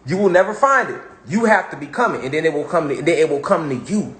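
A man's voice: fairly high pitch, lively intonation, quick pace, a bit bright. A man giving a casual motivational monologue on spirituality, talking in street slang and repeating phrases for emphasis. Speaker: spiritual talk host. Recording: echoey room.

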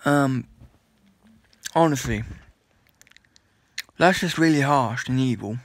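A young man from the UK rants at the camera, annoyed and rambling, often stopping to restart his sentences. His voice sits at an ordinary middle pitch. The sound is dry, with no room echo. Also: slow. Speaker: vlogger. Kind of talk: ranting vlog.

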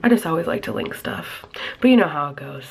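A woman's voice: low voice, animated, fairly quick, vocal fry, slightly rough. A young woman with a nasal voice, chatting casually to camera at home in a rambling vlog. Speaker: vlogger. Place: at home, indoors.

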